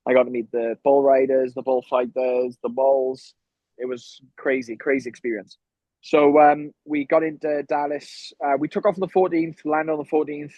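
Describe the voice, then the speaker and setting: A Welsh professional fighter tells rambling anecdotes full of ums in a casual interview. His mid-range voice is steady and moves at normal speed, in a dry, lo-fi recording.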